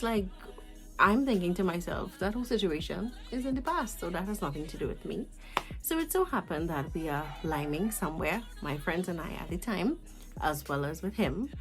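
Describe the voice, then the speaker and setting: A Trinidadian woman in her twenties telling a storytime vlog in an animated, chatty way, with asides to her viewers. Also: on the low side, rough recording. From Trinidad and Tobago. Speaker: vlogger.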